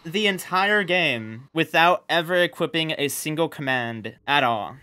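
A young man giving excited live commentary while playing a video game, swearing, yelling and laughing at the fight. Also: a little high, unhurried, slight background noise. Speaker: gaming streamer.

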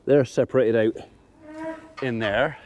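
A man's voice: mid-range voice, fairly even intonation, takes it slowly. A man filming himself as a farmer, chatting casually while working and calling to his cattle. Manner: chatty, talks gently to the cattle and calls them loudly. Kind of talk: casual vlog narration. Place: outdoors on a cattle farm. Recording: outdoor noise with mooing cattle. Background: cattle mooing.

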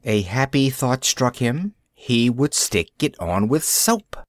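Storybook narrator for English learners: a man with a lively pitch and a dry, close sound. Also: slow pace, dry recording.

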